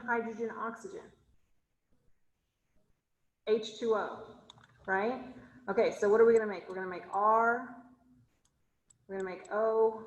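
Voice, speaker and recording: A woman's voice: mid-range voice, echoey room, rough recording. Woman teacher quizzing her class online. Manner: asks students questions, thinks aloud while drawing. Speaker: chemistry instructor. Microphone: video call.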